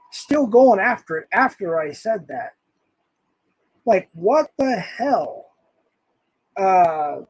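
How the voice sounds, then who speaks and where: Older man, husky, fairly high voice, angry, swearing, live stream commentary. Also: a little mellow, dry recording, poor audio.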